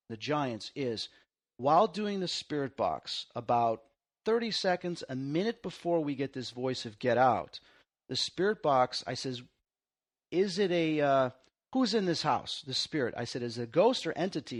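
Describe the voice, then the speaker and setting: A man hosting a casual conversation, an excitable storyteller who acts out the lines he quotes. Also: mid-range voice, moderate pace. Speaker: host.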